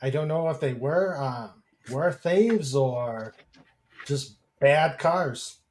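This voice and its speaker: A man's voice: medium pitch, lively intonation, takes it slowly, darkish tone. A man hosting a casual podcast stream, chatting with guests and reading viewer comments aloud, with lots of fillers and chuckles. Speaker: podcast host.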